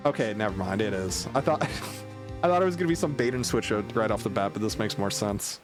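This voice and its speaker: A man's voice: on the low side, moderate pace, music in the background. A man streaming a game live, reading its characters aloud and joking and laughing as he goes. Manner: laughs often, joking self-commentary.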